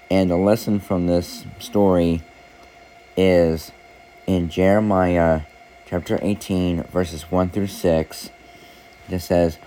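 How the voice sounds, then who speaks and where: A man telling a devotional story and reading scripture in a measured, deliberate way. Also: low-pitched, little pitch movement, mellow, slight background noise, low-quality recording.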